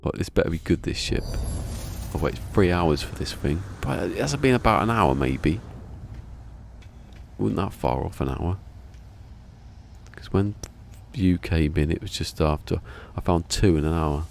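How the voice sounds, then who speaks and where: Deep gravelly man streaming a game. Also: animated, unhurried, slight background noise. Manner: rambling, chuckling anecdotes. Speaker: gaming streamer. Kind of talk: casual live-stream chat. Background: game music.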